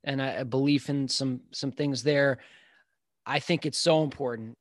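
A man's voice: medium pitch, steady tone, moderate pace, no echo, studio quality. A man from Long Island, a physical therapist guest on a podcast, telling stories in a rambling, enthusiastic way with many restarts. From Long Island, New York. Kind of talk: casual podcast conversation.

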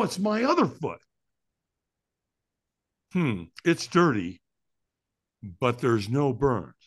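Animated, bright-voiced male storyteller. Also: mid-range voice. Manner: excitable, acts out the story with sound effects and laughs. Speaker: podcast guest.

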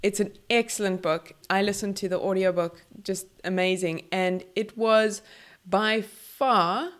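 A woman's voice: mid-range voice, steady tone, a little slow. Enthusiastic woman hosting a podcast. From South Africa. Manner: enthusiastic, repeats words, restarts. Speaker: podcast host. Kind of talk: casual chat.

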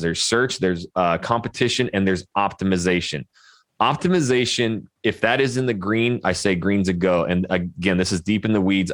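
A man co-hosting a podcast, talking in an energetic, emphatic way and acting out quotes. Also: fairly low pitch, dry recording. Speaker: podcast co-host. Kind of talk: casual podcast talk.

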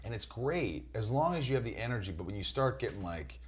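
A man in his forties, from New York and raised in Indiana, chatting as a guest and telling animated, profane stories. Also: fairly low pitch, brisk. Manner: animated storyteller, swearing, mock voices. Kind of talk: casual chat.

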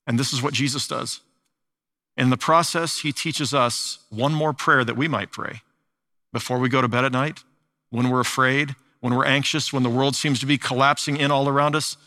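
Older man, pastor preaching, bright forceful tone, earnest, slows on key lines. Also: medium pitch, steady tone. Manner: earnest preaching with slow, weighted phrases and restarts. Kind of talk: sermon.

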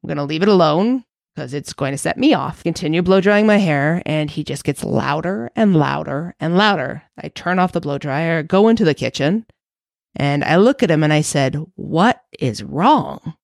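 Woman, podcast host, low voice, gravelly fry, dry close sound, candid and reflective. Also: animated, moderate pace, no echo. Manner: candid, reflective, self-searching. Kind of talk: personal storytelling monologue.

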